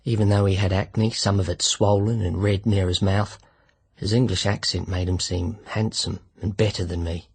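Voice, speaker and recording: A man narrating a literary short story in the first person, measured and reflective. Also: low-pitched, level tone, darkish tone, husky. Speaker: audiobook narrator.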